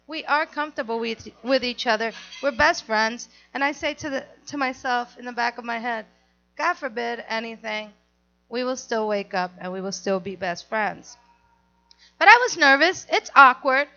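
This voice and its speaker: On a dull lo-fi recording, a woman whose voice sits high shares a candid personal story in an animated, confessional manner.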